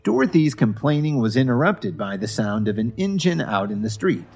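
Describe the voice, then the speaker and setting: A man narrating a scripted story in an expressive, animated reading. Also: medium pitch, moderate pace, gravelly.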